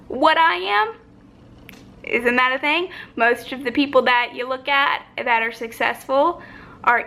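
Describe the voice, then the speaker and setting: Young woman, slightly high bright voice, reflective rambling home vlog. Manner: rambling, reflective, many filler likes. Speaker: vlogger. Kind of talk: casual personal vlog. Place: home, sitting on the floor. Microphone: phone or camera, battery low.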